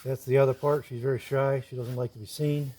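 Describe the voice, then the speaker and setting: Brisk and warm, this man's medium-pitched voice stays level as he works in his woodshop. The woodworker and video host explains every step while he goes, thinking aloud in casual narration.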